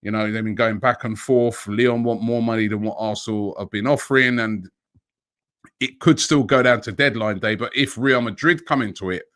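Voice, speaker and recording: A middle-aged man with a slightly low voice talks through transfer news on his daily show. He thinks aloud, fills gaps with "you know" and keeps posing rhetorical questions, like a relaxed solo broadcast. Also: moderate pace.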